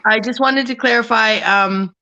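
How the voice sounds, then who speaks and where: A woman's voice: on the high side, moderate pace, sharp tone, lo-fi sound. A woman hosting a casual live online panel chat, joking around and often laughing at her own jokes. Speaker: panel host.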